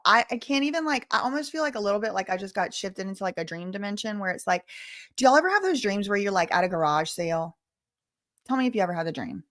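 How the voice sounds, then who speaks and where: A woman hosting a casual livestream, chatting, joking and thanking donors. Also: mid-range voice. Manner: chatty, animated, joking asides. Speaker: livestream host. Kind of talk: casual livestream chat reading donations.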